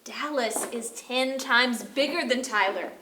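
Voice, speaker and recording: A woman's voice: on the high side, unhurried, bright, forceful tone, a little hiss or hum. A woman playing an enthusiastic young aunt and teacher in an amateur stage drama, recorded from far off in an echoey room. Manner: bubbly, enthusiastic.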